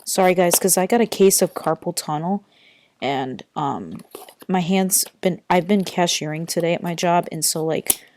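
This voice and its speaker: A woman's voice: lowish voice, normal speed, darkish tone, a little hiss or hum. A young woman vlogging casually from her bedroom, chatty and rambling with lots of fillers, tired, recorded on a built-in computer mic. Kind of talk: casual unboxing vlog.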